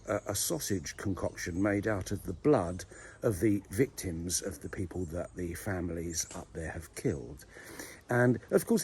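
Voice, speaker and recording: Male vlogger, low-pitched and animated, rambling deadpan comedy outdoors. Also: a little hiss or hum. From southern England. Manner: mock-serious, rambling, animated. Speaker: video blogger. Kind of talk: deadpan comic monologue. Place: outdoors in a churchyard.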